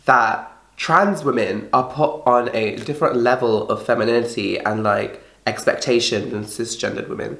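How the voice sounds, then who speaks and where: A woman's voice: extremely low pitch, measured pace, gravelly, fairly bright tone. Exasperated young woman ranting, sounding ill. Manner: exasperated, swears often, many fillers. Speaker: vlogger. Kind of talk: casual rant to camera. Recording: echoey room.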